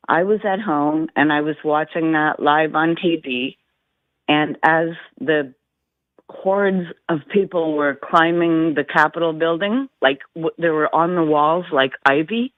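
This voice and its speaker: A woman's voice: deep voice, slow pace, no room sound. A Canadian woman calling in to a radio show, talking hesitantly and with many fillers. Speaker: caller. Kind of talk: phone-in chat. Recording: tinny phone line.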